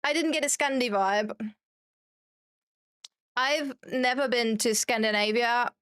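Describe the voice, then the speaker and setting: A woman's voice: on the high side, a little slow, a bit bright, clear, resonant tone, no room sound, studio quality. A young German woman streaming a game, chatting casually and joking at her own expense as she reads viewer comments. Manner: chatty and self-mocking, reads chat aloud. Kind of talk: casual chat while gaming.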